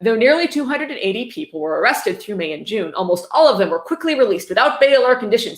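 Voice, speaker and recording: A woman's voice: fairly high pitch, lively intonation, fast talker, hardly any pauses. Sarcastic woman reading a book aloud. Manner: sarcastic, mocking asides. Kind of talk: sarcastic dramatic reading with commentary. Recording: roomy echo.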